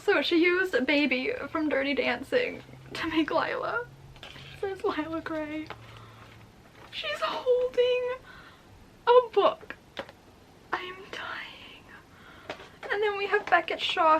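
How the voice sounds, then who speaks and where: A young woman vlogging casually, excitable and swearing, teary and emotional as she unboxes a gift. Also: high-pitched, moderate pace, a little hiss or hum. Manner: excitable, gushing, swearing, with breathy laughs. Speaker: vlogger and writer. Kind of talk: casual vlog chat.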